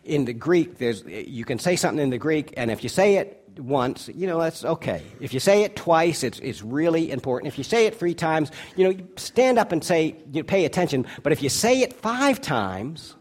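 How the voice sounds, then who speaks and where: A male pastor preaching a sermon, moving between loud, drawn-out emphasis and quiet, hushed asides. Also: fairly high pitch, sing-song. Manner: stretches key words slowly for emphasis.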